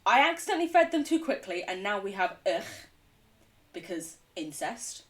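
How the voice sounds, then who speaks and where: A woman's voice: mid-range voice, big pitch swings, moderate pace, recorded from a distance. A woman game streamer chatting casually and rambling as she plays, laughing often. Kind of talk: casual gaming chat.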